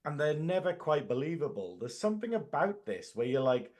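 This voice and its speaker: A man's voice: on the high side, big pitch swings, a little fast, a little mellow. Enthusiastic man thinking aloud. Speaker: podcast co-host or guest. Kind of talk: casual film review chat.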